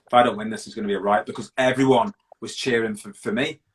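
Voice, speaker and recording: A man's voice: on the low side, fairly even intonation, rough recording. A middle-aged man from Britain, a guest in an interview, telling his story openly and bluntly with many restarts. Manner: open, blunt, halting with restarts.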